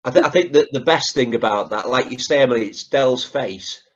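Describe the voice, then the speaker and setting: A man's voice: medium pitch, fairly quick, lo-fi sound. A man co-hosting a podcast in casual chat, chatty and fond of tag questions as he retells scenes. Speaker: podcast co-host.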